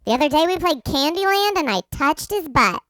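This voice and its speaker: A woman co-hosting a comedy podcast, her voice run through a changer that turns it high and bright like a child's. She jokes crudely and rambles in a lively, bouncing tone. The sound is close and dry. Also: fairly quick, dry recording. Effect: soundboard voice changer set to a child's voice. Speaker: podcast co-host. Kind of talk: casual comedy chat.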